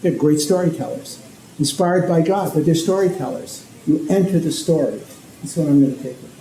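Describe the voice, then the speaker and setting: Dark-voiced priest lecturing in an echoey hall. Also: male voice, fairly high pitch, a little fast. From Connecticut, USA. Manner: conversational, checks in often with "okay?". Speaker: speaker, priest and ethicist. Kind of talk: informal lecture. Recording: echoey hall, faint background noise.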